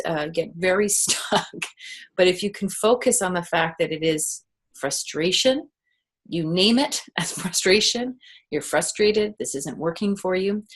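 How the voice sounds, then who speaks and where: A middle-aged woman, a parenting expert, explaining children's emotions in a relaxed interview, with gentle examples and soft laughs. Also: medium pitch, husky. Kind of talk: conversational interview.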